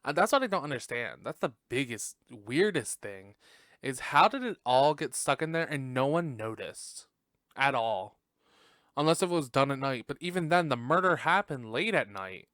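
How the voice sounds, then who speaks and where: A man's voice: medium pitch, big pitch swings, moderate pace, fairly bright tone, dry recording, studio quality. A man hosting a podcast, giving a casual, sassy and profane reaction to a film and laughing often. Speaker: podcast host. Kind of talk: casual movie reaction commentary.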